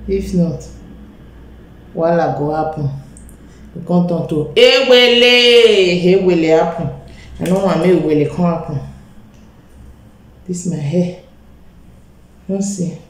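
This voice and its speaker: A woman's voice: fairly low pitch, a little mellow, reverberant, low-quality recording. A woman with a Nigerian accent gives a live makeup tutorial, talking straight to her viewers and mixing Pidgin into her English. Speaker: beauty vlogger.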